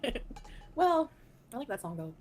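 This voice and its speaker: A woman's voice: on the high side, very animated, measured pace, a little hiss or hum. A woman livestreaming casually, reading out and answering chat, laughing often and breaking into bits of song. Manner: thanks chat by name, laughs often, sings snatches.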